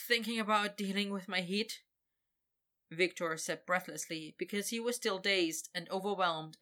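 Woman narrating a fantasy story, bright clear voice, a bit lower pitched. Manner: expressive, voices characters. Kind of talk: reading a fantasy story aloud.

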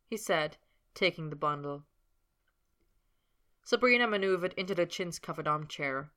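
A woman narrating a work of fiction as an audiobook, in a steady storytelling manner. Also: sits low, moderate pace.

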